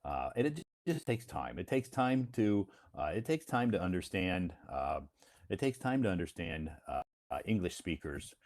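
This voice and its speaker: Deep-voiced American man, slow and deliberate. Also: sing-song, a little mellow. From United States. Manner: slow, deliberate delivery with frequent fillers. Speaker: English teacher hosting a live stream. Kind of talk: casual live-stream chat.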